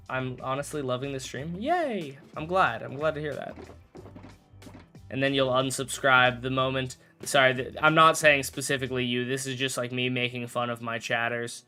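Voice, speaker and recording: A man's voice: mid-range voice, steady tone, moderate pace, bright, forceful tone, faint music behind. A young man chatting casually on a live stream while playing a game, rambling, correcting himself and joking with chat. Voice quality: rambling, self-correcting, jokey.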